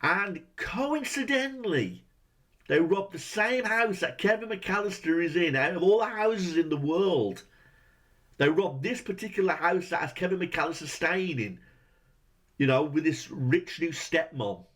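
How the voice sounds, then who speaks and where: A man's voice: sits high, animated, measured pace, a bit bright. A man ranting through a movie review, exasperated and swearing heavily, firing off rhetorical questions.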